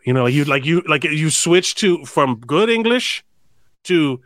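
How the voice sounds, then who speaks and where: Podcast co-host, man, lively swooping pitch, casual talker, dry sound. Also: a little slow, dry recording.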